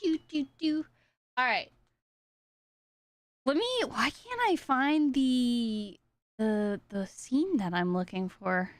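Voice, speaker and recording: A woman's voice: fairly high pitch, slow pace, long pauses, dry recording. A woman streamer chatting casually to her viewers while fumbling through her stream settings. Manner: scattered, talking to herself and chat while searching settings. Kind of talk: casual live-stream chat.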